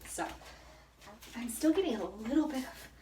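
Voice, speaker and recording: A young woman with a fairly high voice talks through a hair routine in a casual, self-mocking way. She is a little out of breath from the heat. She sounds set back from the mic in an echoey bathroom with faint ambient noise. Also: animated, normal speed, mellow, far from the mic. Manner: chatty and self-mocking, laughs often. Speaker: hair care vlogger. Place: hot bathroom.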